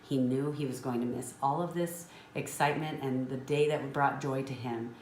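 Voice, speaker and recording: A woman's voice: very deep voice, fairly even intonation, moderate pace, darkish tone. A woman business trainer telling a motivational story in an earnest, emotional way. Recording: roomy with faint noise.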